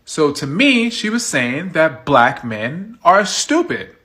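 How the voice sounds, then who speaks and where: A man from the United States casually telling a personal story for his video, animated and indignant, with some swearing. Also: on the high side, takes it slowly, few pauses. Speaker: storytime vlogger.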